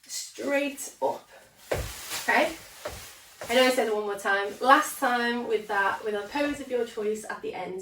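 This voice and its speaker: A woman leading a cheerleading class indoors, energetically counting out the beats as she dances, recorded by a camera a few steps away in an echoey room. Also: on the high side. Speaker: cheerleading instructor. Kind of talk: fitness class instruction. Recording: echoey room, distant mic, faint noise.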